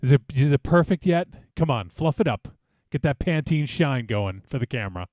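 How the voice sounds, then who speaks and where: Joking lively-voiced podcast host man. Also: medium pitch, moderate pace, no echo, studio quality. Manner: loose and joking, swears freely, many fillers. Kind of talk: casual chat.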